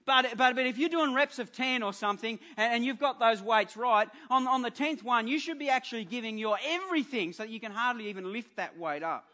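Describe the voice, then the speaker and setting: A man's voice: very high voice, animated, bright, forceful tone. A male pastor preaching a sermon in church, earnest and informal, often stumbling and restarting his phrases. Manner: earnest, halting with repeated restarts.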